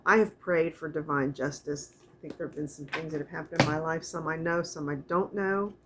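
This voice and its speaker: A middle-aged woman giving a casual spiritual oracle card reading, talking in a soft, meandering way and reading card texts aloud slowly. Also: deep voice, fairly even intonation, slight background noise.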